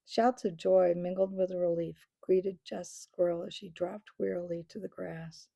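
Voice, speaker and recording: A woman reading a children's book aloud, expressive and unhurried, with small slips here and there. Her voice is gravelly, husky and mellow. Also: on the low side. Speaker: storyteller.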